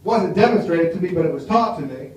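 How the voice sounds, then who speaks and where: An American man works a small café bar crowd with a wry, chatty stand-up set. His voice sits a little high and comes from some distance off the mic. The room rings with heavy echo and a faint noise underneath. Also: expressive, fast talker. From United States. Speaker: stand-up comedian.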